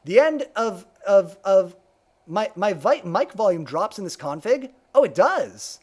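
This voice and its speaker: A man's voice: high voice, big pitch swings, measured pace, a little mellow, slightly rough. A man streaming a video game live, chatting casually, reading game text aloud and humming to himself, his voice a little worn.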